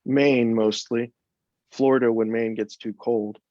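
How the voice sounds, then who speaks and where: Guy doing a twitchy american horror writer, rambling, mid pitched, kinda muffled dry audio. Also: steady tone, unhurried, warm tone, no room sound, natural voice. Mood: flustered. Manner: jittery, rambling, says "man" a lot. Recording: dull, dry, lo-fi sound.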